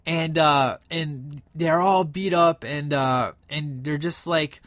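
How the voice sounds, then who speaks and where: Male film fan, slightly high voice, rambling casual recap, dry close mic. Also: slow pace, a bit bright, dry recording. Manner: enthusiastic, rambling, frequent fillers. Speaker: film reviewer.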